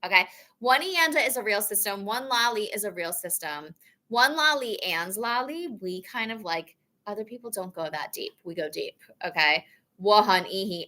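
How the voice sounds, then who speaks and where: A woman's voice: medium pitch, sharp tone, a little hiss or hum. A woman music teacher giving an upbeat, encouraging instrument lesson, counting the beats aloud in a chanting way. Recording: instruments playing along.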